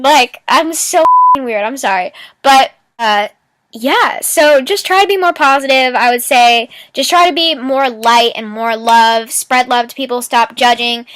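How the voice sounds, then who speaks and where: A woman's voice: sits high, sing-song, measured pace, fairly bright tone, dry recording. A young woman vlogging casually with a rambling, giggly manner, full of fillers as she gives upbeat life advice. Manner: rambling, giggly, lots of "like" and "you know". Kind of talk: casual motivational vlog.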